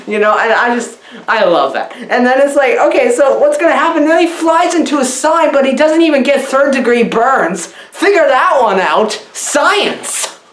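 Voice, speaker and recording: A woman rambles through a comic film review with gushing, over-the-top praise and constant giggles. Her fairly high voice swoops up and down with lively excitement. The sound is roomy and echoey, with a faint hiss behind it. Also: moderate pace. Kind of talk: mock-enthusiastic comedic film review.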